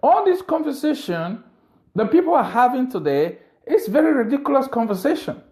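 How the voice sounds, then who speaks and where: A man's voice: very high-pitched, very animated, normal speed, darkish tone. A man giving an impassioned political monologue, indignant and full of rhetorical questions. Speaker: political commentator.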